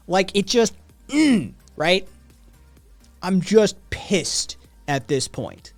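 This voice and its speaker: Male streamer, casual and crude, raised pitch, talks over quiet background music. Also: big pitch swings, very slow. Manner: rambling, heavy swearing, frequent "right?" asides. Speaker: livestream host. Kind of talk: casual profane storytelling to chat.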